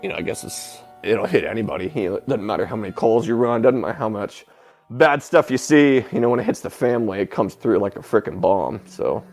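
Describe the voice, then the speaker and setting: A man telling a painful personal story as an interview guest, halting and breaking off with filler sounds, sounding close to tears. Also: fairly low pitch, expressive, darkish tone, soft background music. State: emotional, near tears. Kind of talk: emotional personal account.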